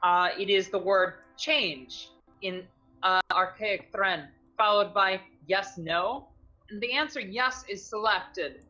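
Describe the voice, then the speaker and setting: A woman running a tabletop game as game master, narrating with many halting ums and restarts. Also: medium pitch, sharp tone, lo-fi sound, soft background music.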